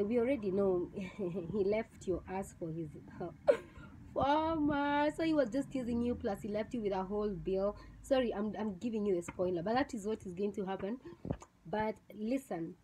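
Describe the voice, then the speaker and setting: A woman's voice: medium pitch, darkish tone, slight background noise, poor audio. A young woman with a Kenyan accent giving a blunt, scornful review on her vlog channel, mixing in Swahili slang. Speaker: vlogger reviewing a TV show. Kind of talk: casual opinionated review.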